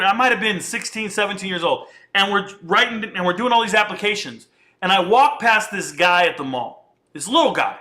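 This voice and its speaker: A high-voiced man in his thirties offers casual, slang-filled commentary and tells a story in an animated, conversational manner.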